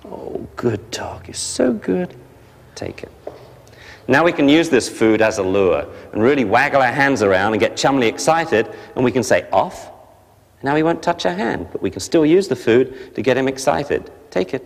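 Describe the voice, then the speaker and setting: A man teaching a dog training class, explaining briskly and barking short sharp commands at the dogs. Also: mid-range voice, expressive. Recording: long hall reverb.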